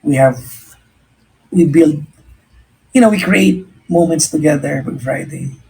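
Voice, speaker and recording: A man's voice: fairly high pitch, takes it slowly, creaky, a little mellow, husky, low-quality recording. A man with a Filipino accent, a radio host giving earnest, reflective life advice in casual chat and often restarting his sentences. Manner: earnest and reflective, mixing English and Tagalog, frequent restarts. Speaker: radio host answering a listener.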